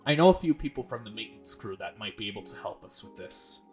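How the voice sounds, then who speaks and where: A man's voice: lowish voice, lively intonation, quick pace. Man reading game dialogue over music. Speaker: let's play host.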